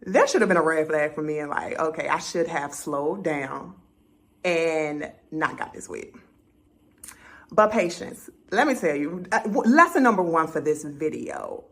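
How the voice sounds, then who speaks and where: A young woman vlogging casually, telling a story and acting out her own conversations in an animated way. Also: low-pitched, a little slow.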